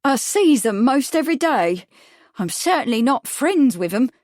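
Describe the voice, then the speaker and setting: A woman's voice: lively intonation, moderate pace, no room sound, clean studio sound. A woman voicing a grudging working-class London witness in an audiobook. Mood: sniffy. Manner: grudging, ungrammatical, high and loud.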